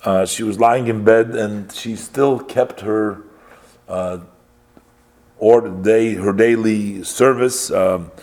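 A man telling a story in a religious lesson, halting, with frequent pauses and self-corrections. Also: on the low side, fairly even intonation, darkish tone. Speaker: religious teacher.

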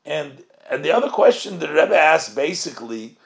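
A man's voice: fairly high pitch, lively intonation, moderate pace. A man teaching a text study lesson, reading Hebrew phrases and translating them as he poses questions. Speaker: Torah teacher.

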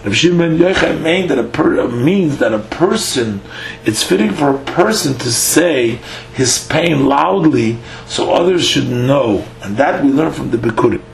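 A man's voice: mid-range voice, expressive, creaky. A man giving a Talmud lesson, reading each line aloud, then explaining it in English with frequent "uh" fillers. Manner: reads Aramaic lines then explains, with halting fillers. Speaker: Talmud teacher. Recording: echoey room with faint hum.

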